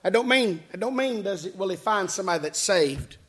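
A man preaching a fiery revival sermon, shouting in a chanting cadence with frequent hallelujahs and calls to the congregation. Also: high-pitched, expressive, a little fast, husky. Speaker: pastor.

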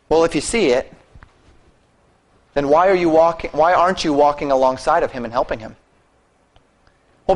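Earnest preaching man, slightly high voice. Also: poor audio. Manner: earnest, exhorting, shifts volume for emphasis. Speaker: pastor. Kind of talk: sermon.

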